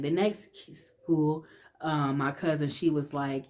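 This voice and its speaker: Woman with a low voice telling her testimony, emotional, lots of restarts, goes hushed sometimes. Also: expressive, measured pace. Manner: emotional, conversational, many restarts; drops to a hush when reliving fear. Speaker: vlogger sharing her testimony. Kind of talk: personal testimony storytelling.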